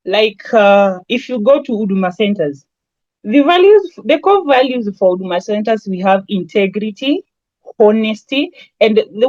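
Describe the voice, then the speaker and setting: A woman's voice: medium pitch, a little mellow, no echo, dull audio. A woman with a Kenyan accent giving a lecture on branding, talking in a conversational way with everyday examples. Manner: conversational, with lots of everyday examples and Swahili asides. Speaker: branding trainer.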